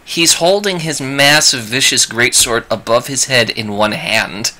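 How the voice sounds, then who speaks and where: A man narrating as game master of a tabletop game, excitable and quick to laugh. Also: mid-range voice.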